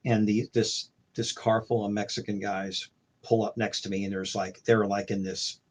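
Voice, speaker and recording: A man's voice: lowish voice, little pitch movement, normal speed. A man on a video call, telling rambling anecdotes about his band days in casual chat, full of restarts and fillers. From St. Louis. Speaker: guest musician.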